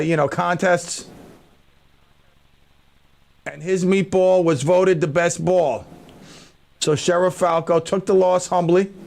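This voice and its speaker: A radio host tells a rambling, animated story into a studio microphone. His voice sits high for a man and carries a heavy gravelly rasp. He talks casually to his listeners.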